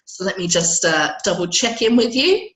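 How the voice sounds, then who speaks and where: Hoarse woman teaching a live webinar. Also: mid-range voice, lively intonation, normal speed, a bit bright, reverberant, a little hiss or hum, rough recording. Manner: patient, checks in with listeners. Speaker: Excel trainer.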